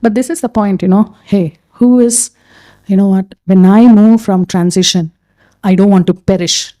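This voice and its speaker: A middle-aged woman speaks to a group of women in a loose, chatty way. She keeps checking in with "right?" and "you know what". Her voice is warm and mellow and sits at a middle pitch. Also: fairly even intonation, normal speed. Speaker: pastor's wife hosting a women's gathering. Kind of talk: casual talk to a group.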